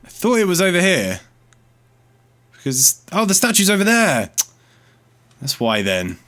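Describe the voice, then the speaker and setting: A man's voice: high voice, huge pitch swings, a little slow, a bit bright. Chatty man narrating his gameplay. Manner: chatty, thinks aloud, easily startled. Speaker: let's play host. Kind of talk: casual gameplay commentary.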